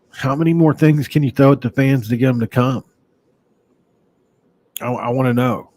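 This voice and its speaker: A man's voice: mid-range voice, measured pace, long pauses, darkish tone. A man from West Virginia hosting a casual sports podcast, rambling conversationally with sighs and restarts. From Mingo County, West Virginia, USA.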